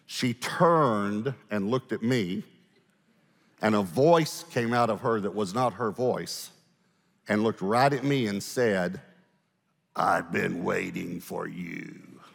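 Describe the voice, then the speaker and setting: Low-voiced pastor telling a story in a hall. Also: male voice. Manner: animated storyteller, shifts between fast asides and slow dramatic pauses. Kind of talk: storytelling sermon. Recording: echoey hall, live sermon.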